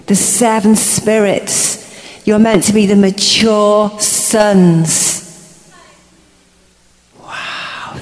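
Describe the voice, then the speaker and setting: A woman preaching a charismatic sermon, impassioned, moving between hushed murmurs and roaring shouts. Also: fairly low pitch. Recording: echoey hall reverb.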